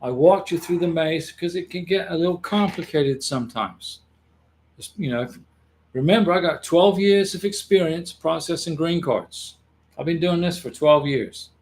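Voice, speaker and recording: A man hosting an advice livestream, talking casually to viewers in a reassuring way and often repeating or restarting his phrases. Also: on the high side. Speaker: immigration advice livestream host.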